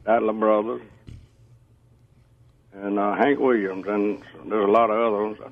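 A man calling in to a radio show by phone, talking slowly and haltingly with chuckles. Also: on the low side, level tone, vocal fry. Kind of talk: casual phone-in chat. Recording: tinny phone line.

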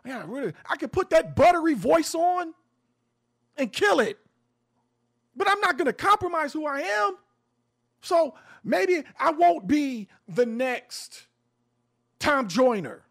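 A man's voice: very high-pitched, very animated, takes it slowly, gravelly, long pauses, a bit bright. A man hosting an opinionated talk show, speaking bluntly and emphatically with frequent swearing, often restarting and repeating words as he builds his point.

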